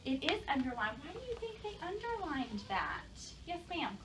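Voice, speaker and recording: Recorded from a distance in a noisy classroom, with a crowd audible behind her, a young woman teacher leads a lesson for young pupils. Her voice sits high and is very animated at normal speed as she asks lots of questions and praises responses.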